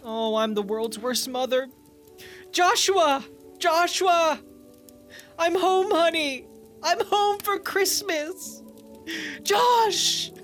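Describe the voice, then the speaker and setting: A woman's voice: sits high, lively intonation, unhurried, a bit bright, soft background music. A woman doing a melodramatic guilty mother. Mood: gushing. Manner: gushing, melodramatic. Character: frantic guilty mother home for Christmas. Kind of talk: improvised comedy scene.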